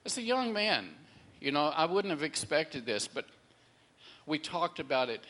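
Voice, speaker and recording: A man's voice: a little high, very animated, unhurried, pushed and bright. A middle-aged man telling a faith testimony in a casual, rambling way, often repeating words and acting out the people he quotes. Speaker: storyteller sharing a faith testimony.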